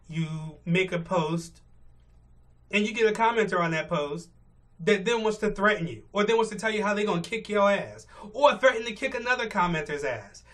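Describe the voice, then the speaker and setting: A man's voice: high-pitched, a bit bright. A male vlogger giving blunt, profane, exasperated rant commentary from his car on a morning commute. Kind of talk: ranting commentary.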